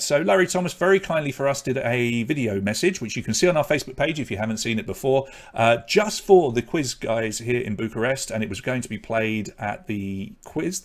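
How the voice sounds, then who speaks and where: A British man hosts an online quiz in a chatty, easygoing way. He reads each question twice and calls out the scoreboard between rounds. His voice sits at an ordinary middle pitch. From Britain. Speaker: quiz host.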